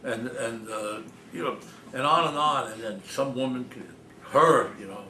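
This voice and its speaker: An older man telling anecdotes to an audience in a small cafe, animated and often laughing, mimicking other people's voices. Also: mid-range voice, moderate pace. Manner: animated, laughing storyteller, mimics his father's voice. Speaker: author giving a talk. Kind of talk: anecdotal storytelling talk. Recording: roomy, distant mic, noisy.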